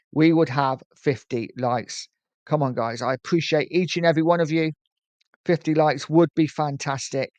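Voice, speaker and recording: A friendly, chatty middle-aged man from England hosts a casual football live stream. His voice sits on the higher side and carries a slight lisp. The sound is dry and close. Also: dry recording. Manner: chatty, friendly, urges viewers to like and subscribe. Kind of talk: casual live-stream chat reading viewer comments.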